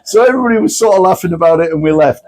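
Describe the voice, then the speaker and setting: A man presenting at a club night, telling anecdotes in a lively way and acting out the people he quotes. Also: high-pitched, rapid-fire, a crowd in the background. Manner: lively storyteller, acts out quotes.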